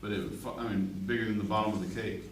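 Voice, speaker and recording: A male art teacher with a lowish voice talks fast with fairly even intonation. Chatty and joking, he demonstrates a drawing and checks in with the class, heard from afar in an echoey classroom with faint noise.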